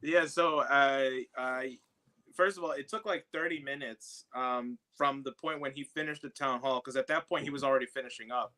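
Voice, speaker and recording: Bright-voiced man telling a story. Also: medium pitch, fairly even intonation, normal speed. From South Bronx, New York. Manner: storytelling with many fillers and restarts. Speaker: guest, activist who confronted a congressman. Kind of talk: casual podcast chat.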